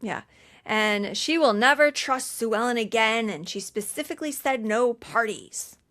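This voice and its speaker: A woman's voice: fairly high pitch, normal speed, a bit bright. A young woman co-hosting a movie rewatch podcast, retelling the plot in chatty, indignant casual talk with free swearing. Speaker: podcast co-host. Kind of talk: casual movie recap chat.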